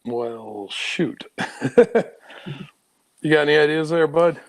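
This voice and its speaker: A man's voice: a little high, slow pace, gravelly. A man playing a tabletop game, talking in a jokey, laughing way. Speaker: player. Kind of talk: casual tabletop play.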